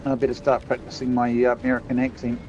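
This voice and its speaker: A man making dry, quick quips while chatting during a game. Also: mid-range voice, monotone, a little mellow. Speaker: fellow gamer. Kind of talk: casual gaming chat. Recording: dull lo-fi line with faint noise.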